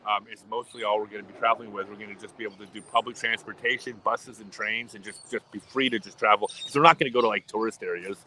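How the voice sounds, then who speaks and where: A man's voice: on the low side, steady tone, quick pace, few pauses, bright, forceful tone, slight background noise, poor audio. A middle-aged man chatting casually on a livestream, rambling and often restarting his sentences. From United States. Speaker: livestream host.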